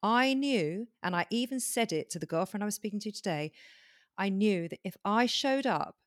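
A woman's voice: mid-range voice, lively intonation, moderate pace, no echo, studio quality. A woman host in conversation, affirming her guest often before telling her own story. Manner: warm affirming listener, frequent "yeah". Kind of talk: conversational interview.

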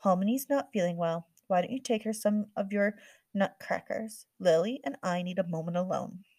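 A woman's voice: mid-range voice, normal speed, darkish tone, no echo, clean studio sound, lightly acted. A woman reading the part of a worried, stern mother scolding her daughter, firm and exasperated. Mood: concerned.

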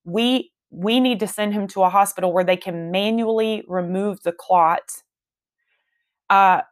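A woman voicing a calm male emergency room doctor who explains slowly with hesitations. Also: high voice. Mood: explaining. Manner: slow, measured, hesitant explaining.

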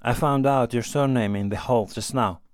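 Man reading a bored aloof gent, quiet and measured, dry mic. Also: mid-range voice, dry recording, lightly acted. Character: bored worldly middle-aged man, aloof.

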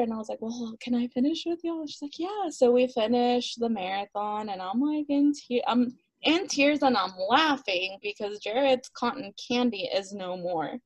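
Guesting on a podcast, a talkative runner tells her story casually in a voice on the high side, with gravelly fry at the ends of lines. She's animated, laughing often, acting out what people said and saying "like" a lot, in a dry, close, rough recording.

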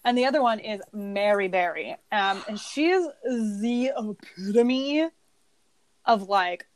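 A young woman co-hosting a podcast, chatting in a wry, casual way and reading passages aloud quickly. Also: mid-range voice, dry recording. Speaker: podcast co-host. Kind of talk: casual chat.

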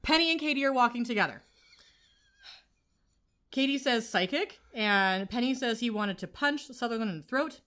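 A woman's voice: fairly high pitch, expressive, normal speed, pauses often, fairly bright tone. Opinionated woman podcast co-host. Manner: opinionated, argues and retells scenes. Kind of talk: casual chat recapping a TV episode.

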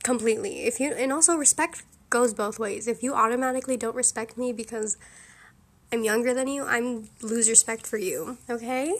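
A young woman talks through a solo podcast in a relaxed, chatty way. Her voice sits high, and she speaks frankly and with strong opinions, full of "like" and little laughs. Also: normal speed. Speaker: podcast host. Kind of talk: casual solo podcast chat.

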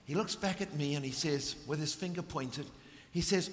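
A middle-aged man from Africa, preaching a passionate sermon that swings from ringing emphasis to hushed intensity. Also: fairly high pitch, moderate pace. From South Africa. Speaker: visiting preacher. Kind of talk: sermon with storytelling. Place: church hall. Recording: long reverb of a large hall.

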